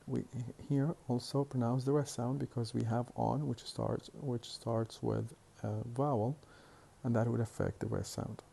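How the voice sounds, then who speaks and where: In a recorded university lecture on phonetics, a man explains things slowly and deliberately, hesitating with fillers and repeating words. His mid-range voice is steady, dark, gravelly, and husky.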